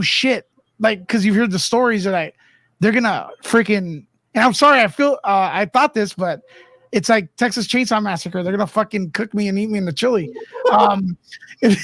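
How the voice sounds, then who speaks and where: A co-host in a relaxed chat, telling a story in an easygoing way. The voice sits in a middle pitch. The recording is dry and close. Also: no room sound. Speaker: podcast co-host. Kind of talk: casual storytelling.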